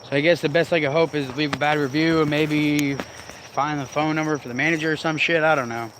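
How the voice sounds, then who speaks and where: A man's voice: a little high, fairly even intonation, brisk, fairly bright tone, slight background noise. Man ranting profanely in a rambling vlog. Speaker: vlogger.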